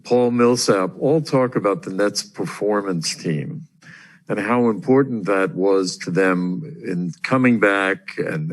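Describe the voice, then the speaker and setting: A male sports reporter asking a steady, plain question at a press conference. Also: lowish voice.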